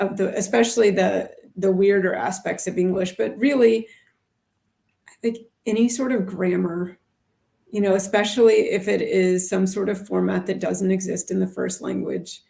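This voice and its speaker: Chatty woman with a gravelly edge. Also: medium pitch, steady tone, moderate pace, mellow. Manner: chatty, thinks aloud with many fillers. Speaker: ESL teacher and co-host. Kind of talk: casual livestream chat.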